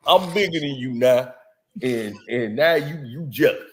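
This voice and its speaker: A man's voice: medium pitch, lively intonation, unhurried, voice pushed down, natural voice. A man doing an impression of a blustery male sports pundit, with a mumbling, mouth-full delivery. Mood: scolding.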